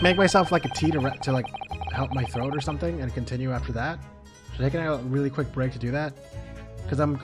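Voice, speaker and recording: Man streamer, strained tired voice, casual swearing chat, game music behind. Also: medium pitch.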